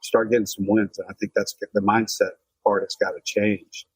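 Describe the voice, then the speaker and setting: A man hosting a podcast in casual sports chat, measured and reflective as he builds on the others' points. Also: fairly low pitch, little pitch movement, husky, no echo, rough recording. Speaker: podcast host.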